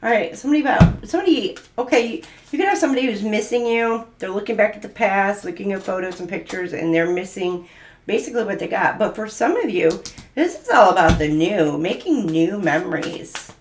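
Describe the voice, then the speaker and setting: A woman reads tarot cards in a loose, chatty way, giggling and gushing between thoughts. Her voice sits at a middling pitch. The room around her rings with noticeable echo. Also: animated, brisk, a little hiss or hum. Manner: giggly and gushing, many fillers. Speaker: tarot reader. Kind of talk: casual spoken tarot reading.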